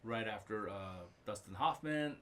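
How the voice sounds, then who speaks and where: A man speaking as a guest in a casual interview, halting as he repeats words and says "uh" while he thinks. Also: fairly low pitch, fairly bright tone. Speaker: guest comedian and actor.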